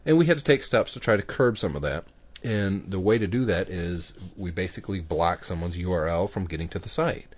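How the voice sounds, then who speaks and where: A man's voice: sits low, lively intonation, brisk. A man hosting a podcast, talking in an easygoing, chatty way with lots of fillers and restarts. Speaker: podcast host. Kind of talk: casual chat.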